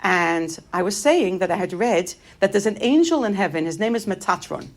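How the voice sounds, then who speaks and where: A middle-aged woman gives an inspirational talk built on personal stories. She speaks in an animated, humorous way and moves easily between light asides and grave moments. Her voice sits at an ordinary pitch for a woman. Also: moderate pace.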